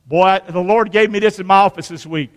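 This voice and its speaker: A man preaching a sermon in a church, leading call-and-response and swinging from hushed lines to shouts. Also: high-pitched, steady tone, brisk. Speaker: pastor. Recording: reverberant church hall.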